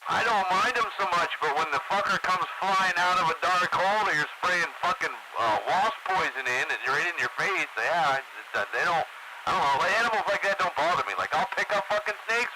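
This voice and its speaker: A man's voice: high voice, fairly quick. A man co-hosting a radio show, chatting casually and swearing constantly through his stories. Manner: profane, swears constantly while telling stories. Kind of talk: casual chat. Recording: loud background noise.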